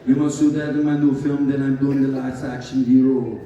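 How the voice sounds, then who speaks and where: A man's voice: mid-range voice, little pitch movement, brisk, far from the mic, highs cut off, very noisy, lightly acted. A man putting on a bossy Austrian-accented action star. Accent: Austrian, as put on. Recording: echoey hall, heard from afar.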